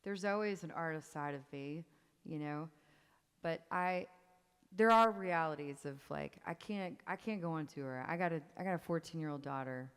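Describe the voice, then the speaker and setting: Speaking at a normal speed in a low voice, a woman in her forties chats with a live theater audience during her one-woman show as a songwriter. She tells stories, answers questions, interrupts herself, and laughs a lot, with long hall reverb and faint music around her.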